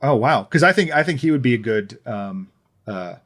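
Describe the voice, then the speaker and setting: A man co-hosting a podcast in casual chat, rambling and sardonic, his talk full of fillers and false starts. His voice sits at an ordinary middle pitch. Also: expressive, moderate pace, a bit bright. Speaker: podcast co-host.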